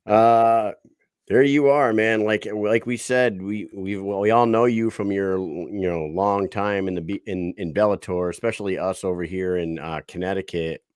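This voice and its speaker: A podcast co-host chats casually, laughing and swearing along the way. His voice is fairly low, a little mellow and clean, delivered at a moderate pace in a dry, clean studio recording.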